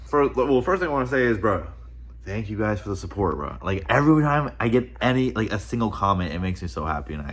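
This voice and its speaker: A young man vlogging from home, telling a story in a rambling, animated way, full of "bro" and "like". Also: low voice, slight background noise. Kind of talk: casual storytelling vlog.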